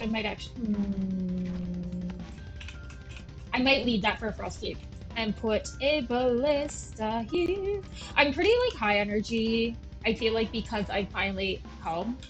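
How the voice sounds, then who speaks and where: A woman's voice: on the high side, moderate pace, poor audio. A woman in her thirties with a Valley Girl voice, rambling and self-deprecating in casual gameplay commentary. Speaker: gameplay streamer. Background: faint game music.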